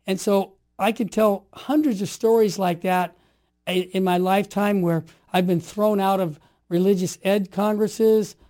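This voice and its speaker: Man, 60s, interview guest, impassioned storytelling, emphatic, rather high voice. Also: unhurried. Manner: emphatic, animated, rising to forceful declarations.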